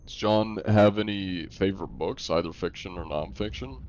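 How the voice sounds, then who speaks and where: A man's voice: sits low, normal speed, darkish tone, dull audio. A young man streaming live, chatting casually with viewers and joking at his own expense. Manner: jokey, self-deprecating, answers chat.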